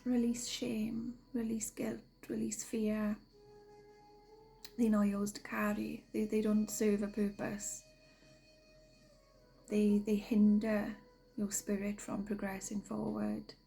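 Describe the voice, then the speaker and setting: A woman giving gentle spiritual guidance, slow and often half-whispered, sniffly from a cold. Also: mid-range voice, completely flat delivery, gravelly, faint music behind, poor audio. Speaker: spiritual card reader. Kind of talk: soft-spoken spiritual guidance.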